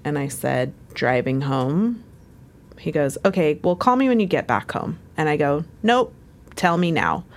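A woman telling a personal memory in a halting, hesitant way. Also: low-pitched, big pitch swings. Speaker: interviewee. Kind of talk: personal recollection.

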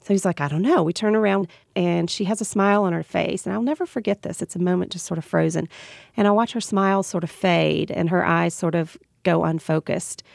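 A woman with a Southern US accent, a radio guest telling a heartfelt personal story. Her voice is gravelly with heavy vocal fry and sits a little low. The sound is close and dry. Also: fairly even intonation, a little fast, darkish tone, no room sound. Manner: earnest and reflective, laughs through emotional moments.

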